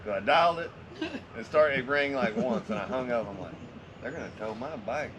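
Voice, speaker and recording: A man's voice: mid-range voice, animated, fairly quick, crowd noise. A man casually telling a story to friends, swearing constantly in a laid-back drawl.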